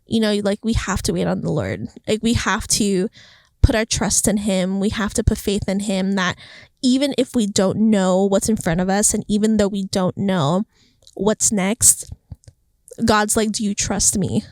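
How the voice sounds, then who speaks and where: A young woman hosting a casual faith podcast, talking in an excitable, chatty way with lots of fillers and laughter. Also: medium pitch, unhurried, dry recording. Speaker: podcast host. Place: outdoors on a hill near the beach. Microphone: camera.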